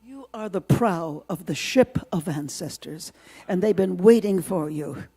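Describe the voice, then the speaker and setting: A man giving an inspirational talk, slow and dramatic, sometimes dropping to a whisper. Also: sits high, lively intonation, warm tone, slightly rough. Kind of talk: inspirational speech.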